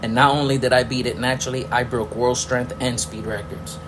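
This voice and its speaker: A man's voice: medium pitch, steady tone, fairly quick, music in the background, poor audio. Angry profane male podcast ranter. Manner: angry, profane, sarcastic rhetorical questions. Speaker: podcast host. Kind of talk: ranting political commentary.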